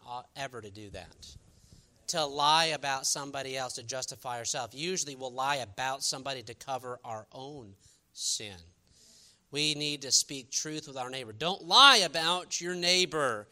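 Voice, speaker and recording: A man's voice: mid-range voice, normal speed, pushed and bright. A man preaching a sermon, telling a personal story in a conversational way with many fillers and turning earnest and emphatic. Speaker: pastor.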